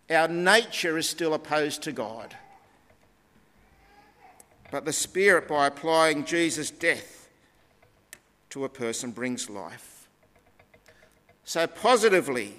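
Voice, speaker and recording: A preacher delivers a sermon in an unhurried, deliberate way, his slightly raised, somewhat high and sharp voice stressing key words as he teaches. Each phrase trails off in a long reverb, as though he's in a large hall.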